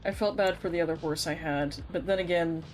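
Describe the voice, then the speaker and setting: A young woman streams a game, her voice on the low side and brisk, with faint music behind her. She chats casually and playfully, laughing often and scolding in mock threats.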